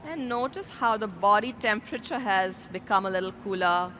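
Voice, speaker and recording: A woman yoga instructor calmly guiding a class outdoors through breathing exercises, speaking slowly and gently. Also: mid-range voice, slight background noise. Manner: calm, slow, gently instructive. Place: outdoors in a city square.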